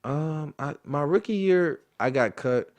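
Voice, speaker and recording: A man's voice: on the high side, unhurried. Young man telling a story animatedly. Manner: animated, acts out voices in his story. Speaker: interview guest, football player. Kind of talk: casual storytelling.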